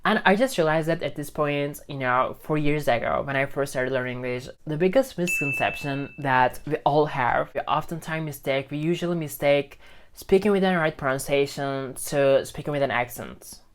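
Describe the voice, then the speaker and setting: A man's voice: on the high side, normal speed, clear, resonant tone. A man who teaches English gives an informal lesson straight to the camera on a phone. He speaks emphatically, repeats himself, and keeps checking in with "okay?". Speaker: English teacher and video host. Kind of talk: talking-head lesson to camera.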